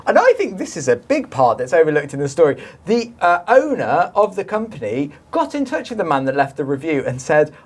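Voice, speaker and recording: A man's voice: on the high side, sing-song, a little fast, few pauses, slightly rough. Jokey man telling news stories. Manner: jokey, playful storytelling. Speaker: co-host. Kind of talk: casual chat.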